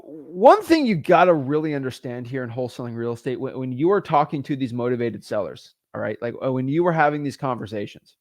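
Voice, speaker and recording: Lively man coaching real estate sellers. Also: medium pitch, no room sound, studio quality. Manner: animated, quick restarts and repeated words. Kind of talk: energetic teaching with phone role-play. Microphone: studio microphone.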